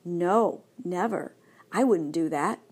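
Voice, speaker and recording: A woman voicing an excitable young male dog in a storybook reading, bouncy and enthusiastic. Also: on the low side, slow pace, husky. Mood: eager.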